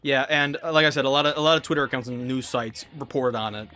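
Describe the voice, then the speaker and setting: A man's voice: medium pitch, fast, bright, forceful tone. A young man chatting casually while gaming, rambling and swearing, with many restarts. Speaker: gaming vlogger.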